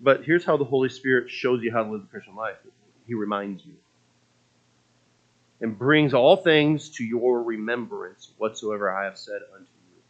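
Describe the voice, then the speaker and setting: A man's voice: medium pitch, normal speed, lo-fi sound. A man preaching a sermon in a conversational, storytelling way, often restarting his phrases.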